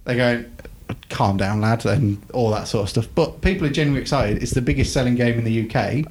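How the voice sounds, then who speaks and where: A man's voice: medium pitch, quick pace, a little mellow. Chatty, rambling man on a podcast. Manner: rambling, self-mocking, lots of fillers. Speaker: podcast co-host. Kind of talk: casual chat.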